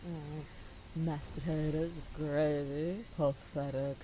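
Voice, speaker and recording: A woman voicing a grandiose male cooking student in a flat monotone while playing a visual novel with friends. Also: deep voice, takes it slowly, noisy background. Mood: boastful. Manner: grandiose boasting.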